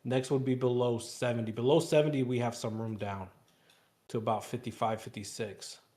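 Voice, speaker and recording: A man's voice: mid-range voice, steady tone, moderate pace, warm tone. A man hosting a live trading stream, chatting casually and rambling, repeating words and swearing now and then.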